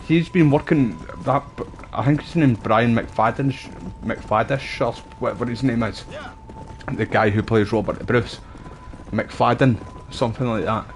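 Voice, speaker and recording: With a little hiss or hum on the recording, this Scotsman chats in a mid-range voice that runs a little slow as he streams a game. He rambles between stories in a chatty way, peppered with local slang.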